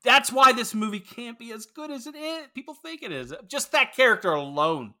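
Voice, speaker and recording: A man's voice: very high voice, very animated, normal speed, bright, forceful tone. A man co-hosting a podcast in casual film-review chat, rambling, opinionated and profane. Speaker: podcast co-host.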